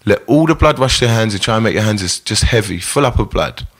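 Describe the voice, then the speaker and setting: A man, an actor telling a story in a relaxed podcast chat, swearing freely. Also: lowish voice, fast. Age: 30s. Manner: swearing, storytelling, self-correcting. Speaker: actor guest.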